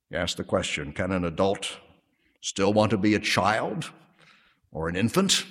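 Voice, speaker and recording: A man preaching a sermon with measured, emphatic delivery, slowing to stress key words. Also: fairly low pitch, big-room sound. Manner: measured emphatic preaching, drops to soft prayer.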